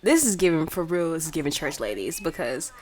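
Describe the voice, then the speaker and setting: A young woman with a slightly low voice who gives casual, chatty commentary over a life-sim game. She talks in a playful, filler-heavy way and sounds relaxed. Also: fairly quick. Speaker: let's play host.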